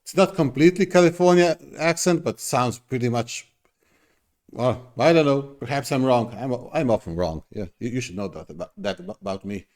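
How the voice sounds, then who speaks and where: A man's voice: mid-range voice, fairly quick, darkish tone. A middle-aged man hosting a reaction video, talking casually in an effusive, rambling way with many restarts.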